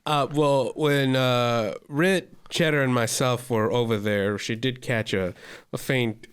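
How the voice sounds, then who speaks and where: A man's voice: medium pitch, fairly even intonation, slow, clean tone. A man playing a tabletop role-playing game, rambling and musing as he lays out a theory. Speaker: player.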